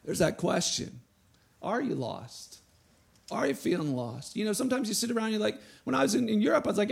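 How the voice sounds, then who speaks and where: A man preaching a sermon to a church, reading scripture and acting out quotes with a rising, animated voice. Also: high voice, fairly quick, creaky, breathy edge. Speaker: pastor.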